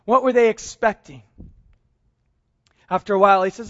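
A middle-aged man preaching a sermon, telling a story in a lively way and acting out the dialogue. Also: high voice, moderate pace, dull audio. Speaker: pastor.

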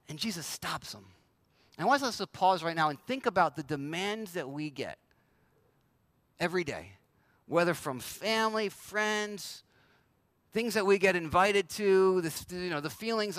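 A man's voice: high-pitched, lively intonation, moderate pace, a bit bright, no room sound. A man preaching a sermon in a conversational way, often acting out quoted voices. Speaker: pastor.

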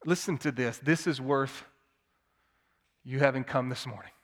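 A man preaching a sermon, swinging from hushed tones to loud, emphatic declamation. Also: medium pitch, moderate pace. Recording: long hall reverb.

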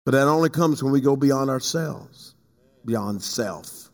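A man preaching a sermon as pastor. He swings from loud, high passages to quiet low asides and calls on people in the congregation by name. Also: lively intonation, unhurried. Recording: long hall reverb.

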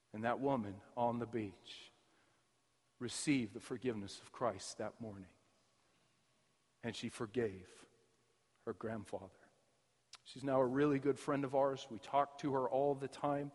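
A man preaching a sermon as pastor, his emphasis surging loud and then dropping to near quiet. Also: medium pitch. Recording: reverberant hall.

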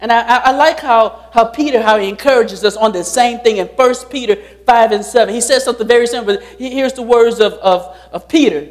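A man's voice: very high-pitched, fairly quick, few pauses. A pastor preaching a sermon, repeating his key lines and putting rhetorical questions to the congregation.

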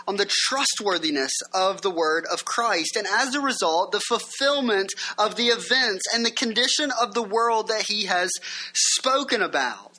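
A pastor delivers a sermon with a bright, forceful voice. The preaching is conversational, full of rhetorical questions, and the pitch sits at an ordinary middle height.

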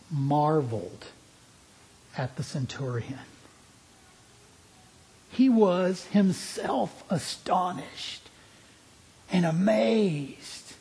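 A man's voice: on the high side, warm tone, breathy edge, low-quality recording. A man preaching a sermon in an earnest, emphatic way, asking his listeners pointed questions.

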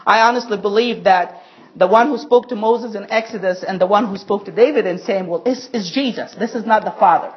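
A woman from Egypt, preaching a sermon with emphatic stress and slow, weighted quotations. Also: medium pitch, muffled recording. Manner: emphatic, slows and stresses quoted scripture.

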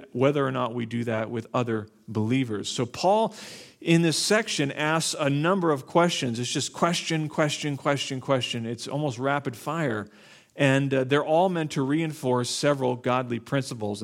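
A man preaching an expository sermon as pastor, talking deliberately and repeating key phrases. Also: mid-range voice, vocal fry.

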